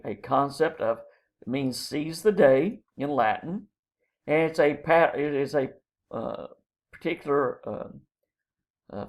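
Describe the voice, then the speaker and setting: A man with a gravelly, fry-tinged voice lectures on poetic terms at an easy, measured pace. He stops often for ums and uhs as he lays out each definition, in the manner of a college English instructor. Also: medium pitch. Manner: explains terms slowly with many ums and uhs.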